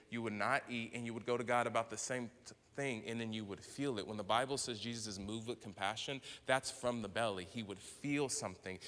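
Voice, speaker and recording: Bright-voiced male pastor preaching in a hall. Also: medium pitch. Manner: conversational preaching, acts out dialogue, rises to loud bursts. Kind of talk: sermon. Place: church sanctuary. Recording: long hall reverb.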